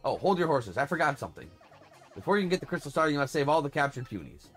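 A man's voice: on the high side, big pitch swings, fast talker, faint music behind. A man reading the lines of a grumpy, bossy old female creature elder in a video game, scolding and crotchety.

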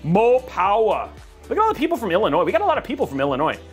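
Man from California, casual livestream host, jokey and rambling, lively sing-song delivery, faint music behind. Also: high voice, very fast. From California, USA. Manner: rambling, jokey, reads chat aloud.

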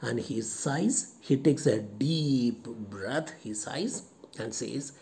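Slow-paced lecturer, warm dark tone, explaining a play line by line, asking and answering their own questions. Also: medium pitch. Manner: paraphrases the text, then explains words with questions and lists; addresses the character directly as if speaking to her. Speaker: literature teacher.

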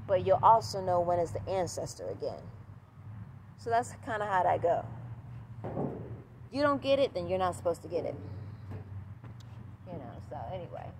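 A woman talking to camera outdoors at sunset in an animated, repetitive casual vlog, swearing freely as she talks. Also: on the low side, normal speed, pauses often, background noise. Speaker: vlogger.

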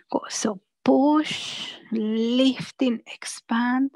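Woman yoga instructor, unhurried, higher voice, soft breathy exhales, dry close sound. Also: dry recording, poor audio. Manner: gentle, soothing cues with frequent "yeah?" checks; breathy sighs and soft whispered cues on exhales. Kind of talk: guided chair yoga class.

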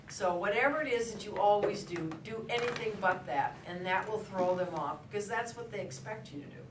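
In a lecture room, a woman with a medium-pitched voice gives a conversational lecture to adults, weaving in stories. She is recorded from a distance in an echoey room, with a noisy background and faint ambience.

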